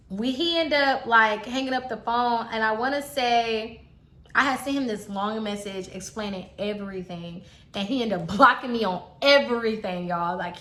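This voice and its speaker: A young woman chatting casually to her viewers as she tells a personal story, animated and talkative. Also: a little high. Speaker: vlogger telling a personal story. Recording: roomy echo.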